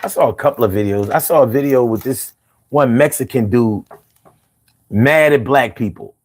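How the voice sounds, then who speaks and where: A man's voice: medium pitch, normal speed. A man giving a heated, profane political rant as a commentator, talking straight to his viewers. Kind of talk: ranting commentary.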